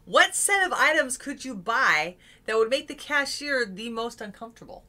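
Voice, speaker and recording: A woman's voice: on the high side, expressive, moderate pace, bright, forceful tone. A middle-aged woman hosting a casual live stream, talking earnestly and sometimes searching for words. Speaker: host.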